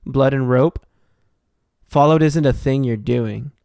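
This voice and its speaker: A young man streams a horror game in a slow, gravelly voice of medium pitch, dark yet clear and resonant. He jokes and talks to himself while figuring out puzzles in casual live commentary. The recording is studio quality, without room sound.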